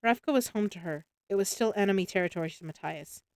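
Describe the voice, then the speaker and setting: A woman reads a novel aloud for her stream in a relaxed narrating style, now and then tripping and restarting a phrase. Her voice sits at a middling pitch and the recording is dry and close. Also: fast talker, dry recording. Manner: relaxed reading with small slips and restarts.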